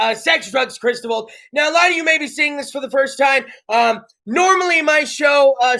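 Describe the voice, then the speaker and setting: Loud joking man host. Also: very high-pitched, gravelly. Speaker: podcast host. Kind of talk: casual comedic chat show. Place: home studio.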